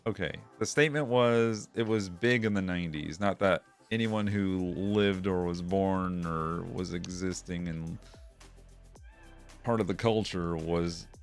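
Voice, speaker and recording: A man's voice: low voice, measured pace, soft background music. A man streaming and reacting to chat in a wry, rambling way, laughing often. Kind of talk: casual chat.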